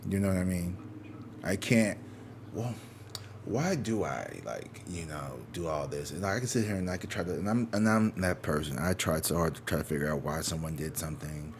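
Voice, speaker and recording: In his own living room, a man gives a casual tarot reading, speaking candidly and profanely as he rambles and slips into exaggerated mocking voices to quote people. His deep voice is expressive at a moderate pace, with a little hiss or hum.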